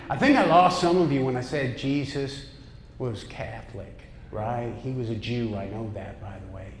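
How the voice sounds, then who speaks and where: Brash stand-up comic in echoey club. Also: male voice, medium pitch, a little slow. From upstate New York. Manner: brash, punchy delivery with crowd asides. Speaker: stand-up comedian. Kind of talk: stand-up comedy set. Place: comedy club stage. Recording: echoey club room with noise. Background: audience laughter.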